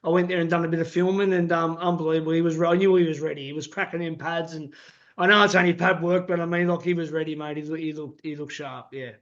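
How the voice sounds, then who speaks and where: An Australian man hosting a casual interview, chatty and quick to chime in with yeah and wow. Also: on the high side, steady tone. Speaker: interview host, former boxer. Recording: lo-fi muffled sound.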